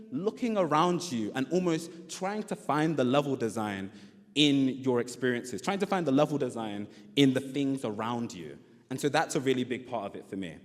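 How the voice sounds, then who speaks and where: A young man, giving an animated conference talk and often laughing. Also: mid-range voice. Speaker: conference speaker. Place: conference hall. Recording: long hall reverb.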